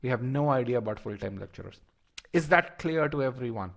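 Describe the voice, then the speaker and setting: A man's voice: mid-range voice, lively intonation, brisk, vocal fry. A man leading a live online test-prep lesson, talking straight to his students with frequent repeated words and restarts. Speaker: instructor.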